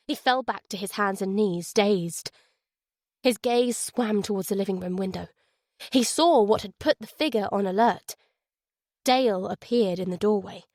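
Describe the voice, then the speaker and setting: A woman reading a thriller audiobook in a measured, suspenseful way. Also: medium pitch, no room sound, studio quality. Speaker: audiobook narrator. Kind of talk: scripted audiobook narration.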